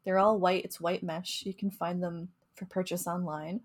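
A woman's voice: on the low side, level tone, moderate pace. A young adult woman, a researcher, chatting casually on a podcast and explaining with frequent laughs and restarts. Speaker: mosquito researcher and co-host.

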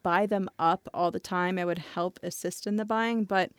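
A woman's voice: fairly low pitch, fairly even intonation, normal speed, smooth, dry recording. Giggly podcast woman, dry close mic. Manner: playful, giggly, hedging with "I mean" and "like". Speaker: podcast co-host. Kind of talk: casual chat.

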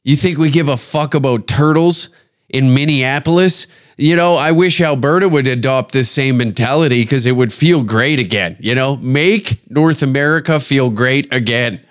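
A man's voice: medium pitch, moderate pace. A man, a podcast host and stand-up comedian, riffing in a profane, rambling, jokey comedic monologue. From Canada.

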